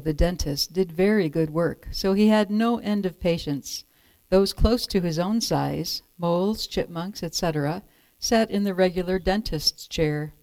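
Low-voiced woman reading a story. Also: a little mellow, no echo. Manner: clear, measured storytelling. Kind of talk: reading a picture book aloud.

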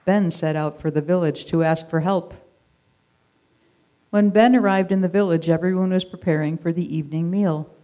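Expressive narrator reading a children's story aloud. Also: mid-range voice, moderate pace.

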